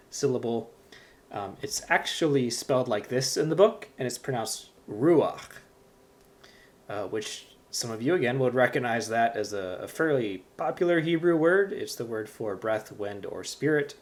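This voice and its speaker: A man teaching a Hebrew reading lesson, patiently explaining step by step with frequent fillers. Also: medium pitch.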